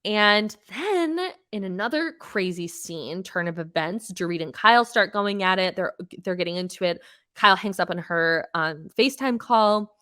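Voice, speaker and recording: Young woman podcaster, bright crisp voice, gossipy and animated, swears a lot, lots of likes and ums. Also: mid-range voice, normal speed. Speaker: podcast host. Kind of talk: casual solo pop culture recap.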